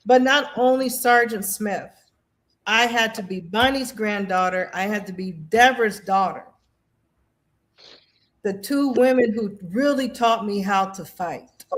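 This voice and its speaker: A woman, a veteran guest, earnestly sharing personal stories in an animated way, often restarting her sentences. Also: medium pitch, a little slow. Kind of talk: casual personal storytelling.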